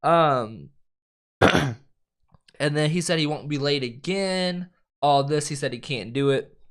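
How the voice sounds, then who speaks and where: This film review co-host has a slightly high, smooth voice and a measured pace. He retells scenes with lively energy, performing the quotes himself, laughing and swearing a lot along the way.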